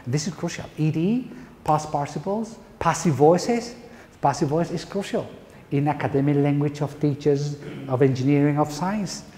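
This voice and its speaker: Spanish-accented male pronunciation lecturer, mellow, slightly high voice, long hall reverb. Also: moderate pace. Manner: emphatic, playful lecturing with rhetorical questions. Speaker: pronunciation teacher. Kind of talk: lecture to university teachers.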